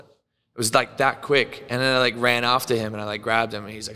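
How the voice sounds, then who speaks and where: An Australian guy with a bright, crisp voice tells wild stories on a podcast. He swears freely, laughs a lot and acts out every quote. A long reverb trails behind his voice. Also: medium pitch, very fast. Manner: animated, profane, laughs often, acts out quotes. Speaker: podcast guest. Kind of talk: casual storytelling.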